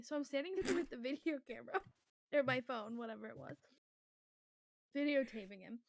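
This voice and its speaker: Wanita bersuara tinggi bercerita bersemangat. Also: female voice, sits high, a little fast, vocal fry, long pauses, no echo. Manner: rambling, animated retelling with lots of "like". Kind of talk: casual storytelling chat.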